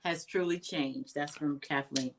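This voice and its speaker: A woman's voice: deep voice, steady tone, unhurried, a little hiss or hum. A woman hosting a live interview, reading out viewer comments and asking questions with some hesitant fillers. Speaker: host.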